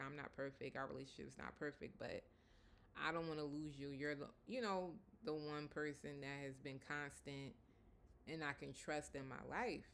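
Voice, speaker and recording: A woman with a low-pitched, gravelly voice casually recaps a TV episode, chatty and often breaking into laughter. She says "like" and "you know" a lot, and there's slight background noise.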